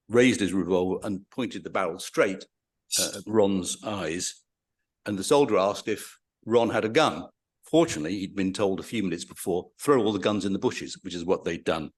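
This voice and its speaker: Man giving a hesitant lecture. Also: low-pitched. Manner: hesitant with fillers, reads quotes more dramatically. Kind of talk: public lecture with read-aloud testimony. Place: lecture hall.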